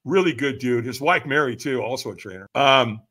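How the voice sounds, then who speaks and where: Man, podcast guest, animated storytelling, lively swooping pitch, bright forceful tone, acts out quotes. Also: brisk. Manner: acts out quoted voices, emphatic.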